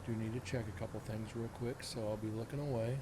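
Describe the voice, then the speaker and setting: A man in his forties hosts a live-streamed paranormal show, talking at a quick pace in a lowish voice. He chats casually and rambles, making self-mocking asides and speaking directly to the chat over steady background noise.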